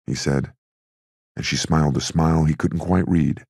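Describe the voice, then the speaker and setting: A man narrating a crime novel audiobook in a steady, measured storytelling manner. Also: extremely low pitch, vocal fry, breathy edge, dry recording, clean studio sound.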